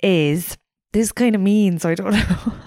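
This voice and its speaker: A woman's voice: mid-range voice, unhurried, a little mellow, no room sound, studio quality. A woman co-hosting a podcast in casual chat, giggling as she reads out news items. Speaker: podcast co-host.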